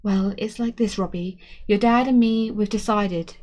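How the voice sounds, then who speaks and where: A woman voicing a mother who talks to her son in a halting, apologetic way, in a storybook reading. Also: medium pitch, steady tone, darkish tone, natural voice. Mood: hopeful.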